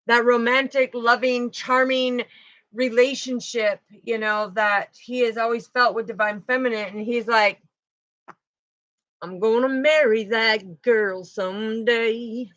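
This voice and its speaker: Chatty woman tarot reader, higher voice. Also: fairly bright tone, no room sound. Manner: chatty, with frequent "you know" and "okay". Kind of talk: casual spiritual card reading.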